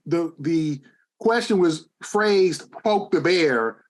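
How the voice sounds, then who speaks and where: A man with a fairly high voice who argues his point with heat on a sports podcast. He leans on repetition to drive his case home. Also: lively intonation, slow pace. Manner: emphatic, heated, repeats phrases for emphasis. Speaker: guest sportswriter. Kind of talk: animated podcast debate.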